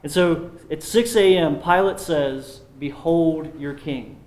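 A man preaching a sermon, slowing down when he reads scripture aloud. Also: fairly high pitch, a little mellow, echoey room. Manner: slows down to read scripture aloud.

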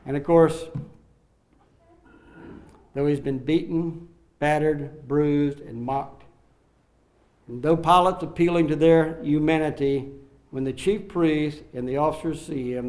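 A man preaching an expository sermon, acting out the quoted lines with swings in loudness and slowing down on key phrases. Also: on the high side. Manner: dramatic, acts out the quoted lines with sharp rises and drops in loudness.

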